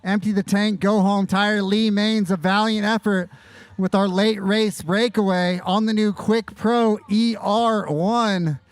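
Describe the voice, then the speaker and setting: A man's voice: high voice, fairly even intonation, a little slow, clear, resonant tone, dry recording. A man announcing a bike race live outdoors, joking and playing with words as he calls the finish. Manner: jokey, playful wordplay.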